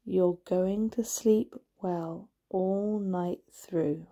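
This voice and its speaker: A sleepy, comforting male mole murmurs through a bedtime story, voiced by a woman. His hushed voice is dark, husky and slow, settling each word gently. He sounds close to drifting off himself. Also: fairly high pitch, exaggerated voice. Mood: sleepy, soothing.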